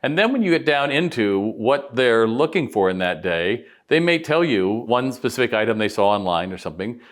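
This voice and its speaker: A man's voice: medium pitch, very animated, moderate pace. A man teaching retail sales in a conversational video talk, acting out quoted customers and staff with changed voices.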